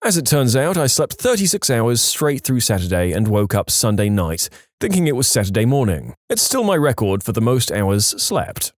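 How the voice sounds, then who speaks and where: A man reading online stories aloud as the narrator, lively and animated. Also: mid-range voice, normal speed, no echo, clean studio sound. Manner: animated reading, acting out quoted lines in raised voices. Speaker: story narrator.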